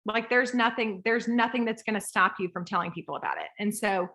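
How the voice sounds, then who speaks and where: A woman in her thirties coaching a group call, lively and rambling, acting out voices as she talks. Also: medium pitch, a little fast.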